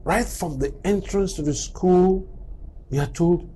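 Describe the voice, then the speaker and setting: A man's voice: sits high, unhurried, a little hiss or hum, poor audio. A middle-aged man giving a motivational talk as a doctor. He tells stories, acts out the exchanges he quotes and fires off rhetorical questions. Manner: animated storyteller, acting out quoted exchanges and firing rhetorical questions.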